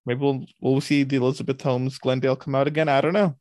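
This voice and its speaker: A man's voice: mid-range voice, level tone, fast talker, darkish tone. A man co-hosting a podcast, talking casually and hesitantly, often laughing and doubting himself. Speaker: podcast co-host. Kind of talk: casual episode discussion.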